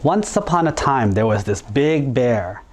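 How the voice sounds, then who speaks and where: A monk telling a story in a children's sermon, in an animated, playful way. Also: male voice, medium pitch, unhurried.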